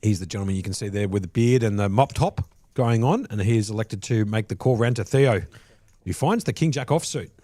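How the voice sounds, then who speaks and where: A man's voice: lowish voice, a little fast, mellow, no echo. A man doing live poker tournament commentary from a booth, often breaking into laughter. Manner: giggly, laughing through lines.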